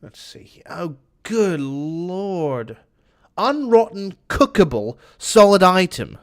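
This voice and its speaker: Man, put-on British accent, slightly high voice, chatty game streamer, swears a lot. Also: very animated, takes it slowly. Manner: chatty, swears often, answers chat while playing. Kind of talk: casual gameplay commentary.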